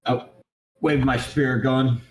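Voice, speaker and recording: A man's voice: steady tone, slow. Swearing, laughing man player in an echoey room. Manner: loud, swearing, laughs often, jumps into higher voices for quotes. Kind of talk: casual chat.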